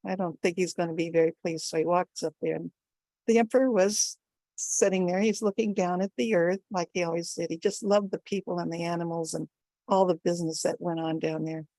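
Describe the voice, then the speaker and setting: An older woman telling a folktale at a storytelling event, with an animated, expressive delivery. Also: on the low side, a little fast, no echo.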